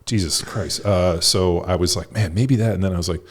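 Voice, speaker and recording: Deep-voiced man, blunt and profane. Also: a little fast. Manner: blunt, profane and animated storytelling. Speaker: podcast host. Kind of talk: casual chat.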